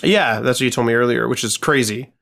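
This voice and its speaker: Swearing freely and rambling with plenty of fillers, this man co-hosts a podcast and recounts a gaming story in casual conversation. His mid-range voice is brisk and creaky, with a fairly bright tone.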